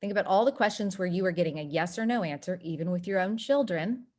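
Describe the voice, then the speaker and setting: A woman from North Texas, presenting an online workshop and acting out quotes in lively voices. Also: fast. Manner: animated, acts out quoted voices with big pitch jumps.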